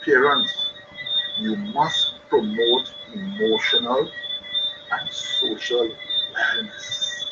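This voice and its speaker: A man's voice: medium pitch, extremely slow. A man giving an earnest live-streamed talk on parenting. He repeats his key points for emphasis. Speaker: speaker on parenting. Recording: dull lo-fi stream with loud noise.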